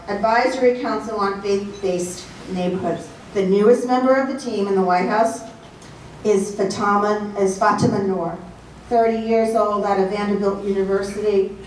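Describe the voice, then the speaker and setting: A woman with a Southern American accent delivers an emphatic political speech, her voice set a little high. She rattles off points in punchy lists. The recording comes from far back in a very echoey hall, with faint room noise underneath. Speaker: speaker at a political event.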